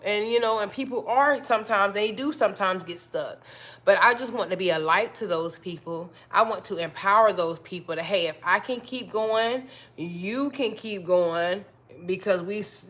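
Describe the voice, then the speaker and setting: A woman's voice: mid-range voice, fairly bright tone. A woman hosting a live stream, talking casually and encouragingly to her viewers, often repeating herself and calling them y'all. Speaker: livestream host.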